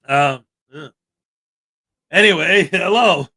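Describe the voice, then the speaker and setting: A man hosting a casual livestream chat, joking and animated with sudden loud bursts. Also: a little high. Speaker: livestream host.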